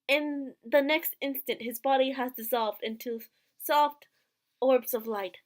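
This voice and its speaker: Woman let's play host, high voice, reads narration, cracks jokes. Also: measured pace. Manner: narrating in first person, joking asides. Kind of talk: reading and commenting on a visual novel.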